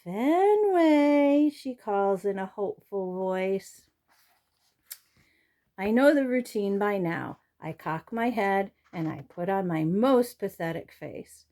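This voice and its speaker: A woman reading a children's chapter book aloud at an unhurried, deliberate pace. Her tone is soft and mellow, and she colors the story with expressive rises and falls. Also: mid-range voice. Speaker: reader.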